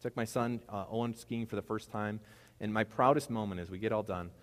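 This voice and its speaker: A man with a fairly low voice preaches a sermon in a church, his words ringing out with a long hall echo. He talks to the congregation in a casual, animated way, slipping into asides as he goes. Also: a little fast. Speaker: pastor.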